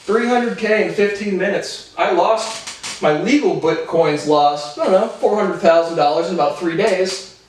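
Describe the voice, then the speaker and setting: A man in his twenties giving a rambling, profane personal monologue to camera, jumping between animated tangents. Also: sits high, unhurried, slight background noise. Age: 20s. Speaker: vlogger. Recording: very echoey room, voice far from mic.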